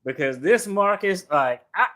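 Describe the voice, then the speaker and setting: A man with a fairly high, bright and forceful voice hosts a casual reaction commentary. He talks in loose slang and gets animated, often breaking into laughter. His delivery stays chatty and outspoken throughout. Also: a little slow. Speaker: attorney reaction host.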